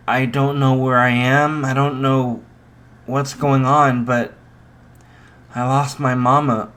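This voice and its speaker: A man voicing a frightened little boy lost in a forest, pleading in a slow storybook telling. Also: mid-range voice, little pitch movement, fairly bright tone. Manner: pleading, rising into panicked cries.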